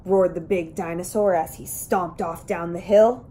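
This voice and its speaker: A woman's voice: on the low side, fairly even intonation, moderate pace, few pauses, dark tone. A woman reading a children's picture book aloud, telling the story expressively and acting out the characters. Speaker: reader.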